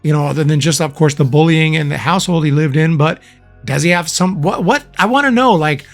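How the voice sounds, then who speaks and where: A man's voice: on the high side, brisk, faint music behind. A man giving a casual, frank spoken movie review, chatty with lots of fillers and restarts.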